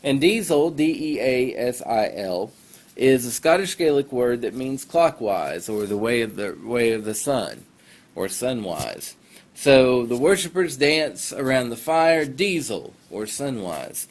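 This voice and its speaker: A man's voice: mid-range voice, sing-song, measured pace. Chatty male teacher giving class announcements. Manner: chatty, rambling, self-deprecating asides. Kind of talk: casual livestreamed class announcements. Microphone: phone livestream.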